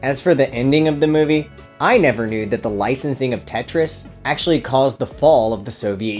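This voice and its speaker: A man's voice: medium pitch, a little fast, hardly any pauses, a little mellow, soft background music. A man narrating a scripted comedic film review with a dry, sarcastic delivery.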